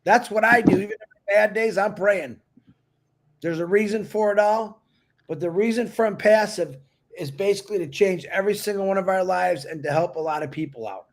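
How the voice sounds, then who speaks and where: A man's voice: high voice, a little fast. A man co-hosting a live stream in casual chat, upbeat and teasing, giving encouragement over a video call mic. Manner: upbeat, teasing, pep-talk delivery.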